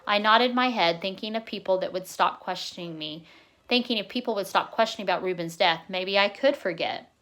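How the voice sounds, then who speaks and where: A woman narrating a novel in a plain, steady reading voice, now and then correcting her own slips. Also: mid-range voice, brisk.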